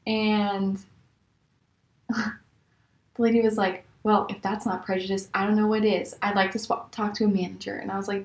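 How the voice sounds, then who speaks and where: Animated young woman vlogger, echoey room. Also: moderate pace, pauses often. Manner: animated, exasperated, jumps to high-pitched disbelief. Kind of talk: casual storytelling.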